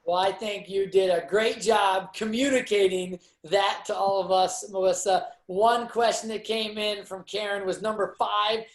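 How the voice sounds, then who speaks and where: This high-pitched male voice keeps a fairly even intonation and an unhurried pace, with hardly any pauses, in a roomy-sounding space. He's a sales manager hosting a training session over a video call, giving a casual motivational talk that's chatty, upbeat, rambling and full of fillers.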